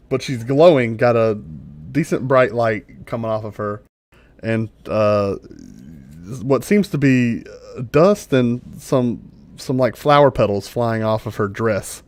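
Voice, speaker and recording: A man narrating a tabletop game as game master, describing scenes in an unhurried way with lots of fillers. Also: medium pitch.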